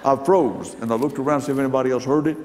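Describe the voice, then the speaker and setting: A man's voice: medium pitch, fairly even intonation, racing, darkish tone. An older man preaching, telling stories in a folksy, emphatic way. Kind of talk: sermon storytelling. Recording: long hall reverb.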